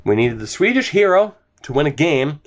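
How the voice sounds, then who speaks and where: A young man giving excitable, profane commentary on his hockey game, ranting and then calming down. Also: fairly high pitch, moderate pace. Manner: excitable, swears, rants then talks softly to his dog. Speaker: gaming YouTuber. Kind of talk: let's play commentary.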